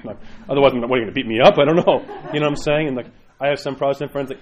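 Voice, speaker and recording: A man's voice: medium pitch, racing, a little mellow. A man, a parish priest, giving an informal sermon in a rambling, chatty way with frequent asides.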